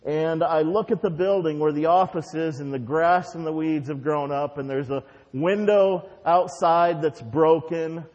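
A slightly high-voiced male pastor prays fervently and preaches in an easy, storytelling way. His voice rings out with long reverb in a church sanctuary. The recording sounds dull and muffled. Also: steady tone, measured pace, hardly any pauses, a little mellow. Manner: fervent repetitive prayer, then conversational storytelling. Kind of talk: prayer and sermon.

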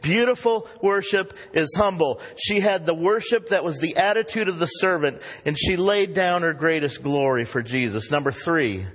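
A man preaching a sermon as pastor, emphatic and animated, acting out the voices he quotes. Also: on the high side, moderate pace, hardly any pauses. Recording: long reverb of a hall.

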